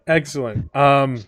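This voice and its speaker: A man narrating as game master, relaxed and full of ums and restarts. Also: mid-range voice. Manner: loose, filler-heavy narration with frequent ums.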